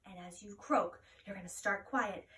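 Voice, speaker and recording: A woman leading a children's mindfulness and yoga lesson at home, gentle, playful and encouraging, with songs and frog croaks. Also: medium pitch, normal speed. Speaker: children's yoga and music teacher. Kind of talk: kids' mindfulness lesson with singing. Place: at home, roomy indoor space. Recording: echoey room, voice from a distance.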